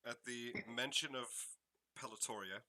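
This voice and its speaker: Bright-voiced man narrating as game master. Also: mid-range voice. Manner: slow, measured scene-setting narration.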